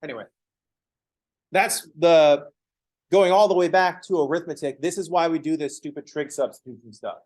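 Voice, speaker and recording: A man giving a math lecture in an offhand, irreverent manner, dropping swear words and slipping into short acted exchanges. His voice sits a bit high for a man. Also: moderate pace, darkish tone, rough recording. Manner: casual, profane, acts out dialogues. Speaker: math instructor. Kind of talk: informal lecture.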